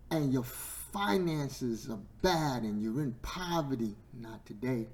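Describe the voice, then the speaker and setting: Man, preacher, sermon, hoarse throat, slow, middle pitch. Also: expressive. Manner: builds to shouting, stretches words, sore throat.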